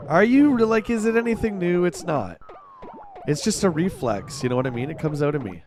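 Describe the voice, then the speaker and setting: A man streams himself playing a game, reacting out loud with yells and groans. His voice sits high and swings widely in pitch. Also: expressive, moderate pace, long pauses, noisy background. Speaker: livestreamer. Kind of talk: live gameplay commentary.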